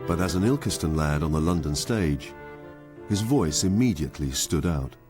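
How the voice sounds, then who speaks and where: A male documentary narrator with a very deep voice reads a scripted voice-over. His pitch moves expressively through each line. Music runs beneath him. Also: lively intonation, moderate pace.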